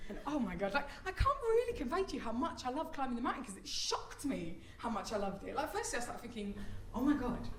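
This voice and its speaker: Performing stand-up in a theatre, a woman talks quickly in a slightly high, very animated voice with few pauses, mocking herself and squealing through act-outs. The mic sits at a distance in a roomy space, the laughing audience is loud, and there's a little hiss or hum.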